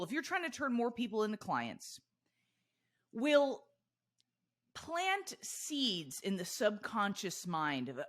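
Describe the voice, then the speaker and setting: A woman's voice: medium pitch, fairly bright tone. A woman co-hosting a sales podcast in casual chat, thoughtful and explaining things step by step. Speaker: podcast co-host.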